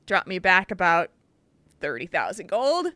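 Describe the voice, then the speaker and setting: Chatty woman on a gaming podcast, bright voice, swings up and down a lot, laughs thru her story, dry close mic. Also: lowish voice, measured pace, no echo. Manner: animated storytelling, laughs often, acts out quotes. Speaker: podcast co-host. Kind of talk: casual gaming chat.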